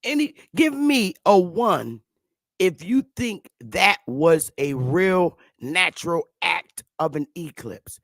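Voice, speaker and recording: Woman host of her own vlog; slow, laughing, swearing rant at viewers, recorded dry and close. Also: fairly low pitch, sing-song, no echo. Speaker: vlogger. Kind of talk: profane comic rant to viewers. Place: at home, sitting in a chair.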